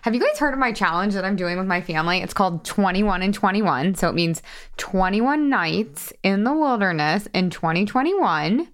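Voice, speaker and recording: A woman in her thirties, a weight loss coach, hosting her podcast in a bubbly, excitable, chatty way. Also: medium pitch, normal speed. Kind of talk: casual podcast monologue.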